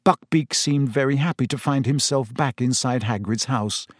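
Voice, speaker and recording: Brief: male audiobook narrator, mid-pitched, measured, close and bone-dry. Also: no echo. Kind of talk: scripted narration.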